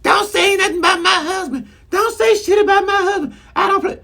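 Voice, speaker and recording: A man putting on a furious woman's voice, shouting that she won't tolerate talk about her husband. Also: brisk, creaky, exaggerated voice. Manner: shouting, shrill.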